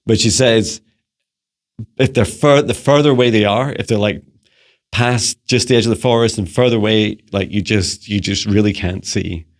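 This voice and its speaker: A Scottish man who works as a psychic mentor answers viewer questions in a loose, rambling monologue packed with restarts and fillers, plus playful beeping noises. His voice is on the low side at a normal speed.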